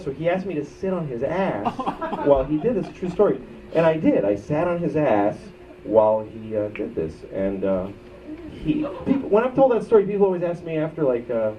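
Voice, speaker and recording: A man doing a stand-up comedy set in a club, rambling through crude, self-mocking stories. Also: a little high. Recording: muffled bootleg audio from far off, with crowd and noise. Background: audience laughter.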